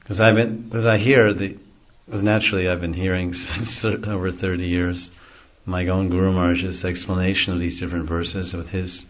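A man's voice: deep voice, level tone, moderate pace, few pauses. A middle-aged man, a spiritual teacher, giving an easygoing devotional talk and chuckling often as he explains. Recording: dull lo-fi recording.

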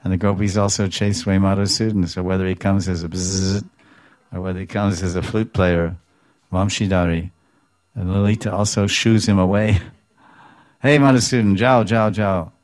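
A man with a very low, deep voice giving a devotional talk, telling sacred stories in an animated way and pausing to explain terms. He chuckles now and then. The recording is dry and close, with no room echo. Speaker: devotional speaker.

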